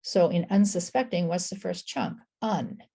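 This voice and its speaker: A woman teaching early reading, encouraging, slowly sounding out words sound by sound. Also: fairly low pitch, gravelly, mellow. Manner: encouraging, affirms with "I agree" and "excellent". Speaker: reading tutor. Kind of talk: instructional explanation.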